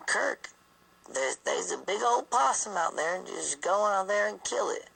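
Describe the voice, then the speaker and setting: A man voicing an elderly great-grandmother with a Southern drawl, calling out in drawn-out, pleading tones. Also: animated, vocal fry, fairly bright tone, breathy edge, full character voice, low-quality recording. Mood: insistent. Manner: drawn-out, pleading high calls.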